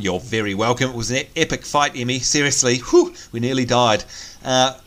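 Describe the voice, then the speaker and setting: A man's voice: medium pitch, a little fast, a bit bright. A man hosting a let's play, chatting casually and joking as he plays. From Australia. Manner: chatty, jokey, thinks aloud. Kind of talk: casual gameplay commentary.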